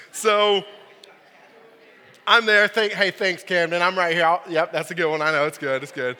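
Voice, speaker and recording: A young youth pastor tells a personal story in a casual, joking sermon packed with "like" and "right?". His voice is high, steady, unhurried, and sharp, echoing with the long reverb of a large hall.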